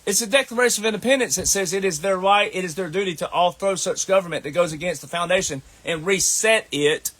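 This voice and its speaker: A man's voice: high voice, fast, few pauses, a bit bright. A man with a Southern US accent delivering a scolding, combative monologue as an online commentator, repeating his points. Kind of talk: ranting monologue to camera.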